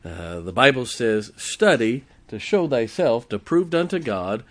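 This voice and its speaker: A man's voice: medium pitch, expressive, a little slow. A man preaching a sermon in a church, folksy and joking as he tells a story to the congregation. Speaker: pastor. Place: church sanctuary.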